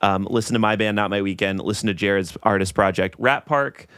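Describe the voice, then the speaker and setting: A man's voice: on the low side, a little fast, fairly bright tone, clean tone, no echo, clean studio sound. Joking man co-hosting a podcast. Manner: joking, loose sign-off chatter. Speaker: podcast co-host. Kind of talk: casual podcast banter.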